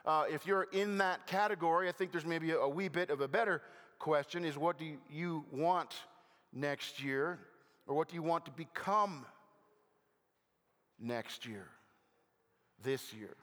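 An older man preaching a sermon as a pastor, conversational with gentle self-deprecating humor and halting restarts. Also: on the high side. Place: church sanctuary. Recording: long hall reverb.

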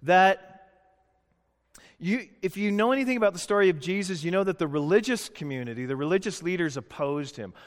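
A man preaching a sermon, emphatic and conversational, building to loud rhetorical questions. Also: high voice, expressive, fairly quick. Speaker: pastor. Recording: long hall reverb.

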